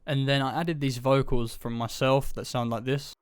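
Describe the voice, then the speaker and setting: A man's voice: medium pitch, normal speed, clear, resonant tone, dry recording. Male producer narrating his own beat, easygoing, level delivery, clean and dry. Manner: relaxed, offhand, loose run-on steps. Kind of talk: casual screen-recorded production tutorial.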